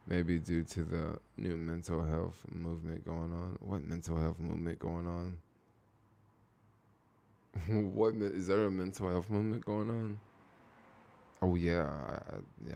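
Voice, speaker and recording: Young male streamer, low and gravelly, loose rambling delivery, answers chat as he talks. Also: dark tone. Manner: rambling, heavy use of "like", reads and answers viewer comments. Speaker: live streamer. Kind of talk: casual live stream chat.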